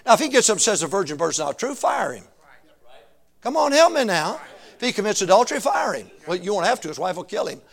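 Animated middle-aged preacher, lively pitch. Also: male voice, quick pace, vocal fry. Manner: animated, calls for answers from the congregation; laughs often while telling stories. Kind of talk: sermon.

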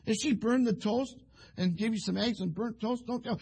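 Man, preacher, folksy rambling sermon, high for a man, husky. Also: normal speed, a little mellow. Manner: folksy, rambling, acts out quoted couples.

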